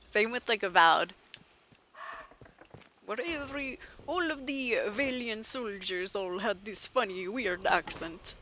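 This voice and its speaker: A woman's voice: mid-range voice, animated, slow, bright, forceful tone, a little hiss or hum. A woman streaming a game, chatting casually with jokes and sarcastic asides. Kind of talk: casual gameplay chat.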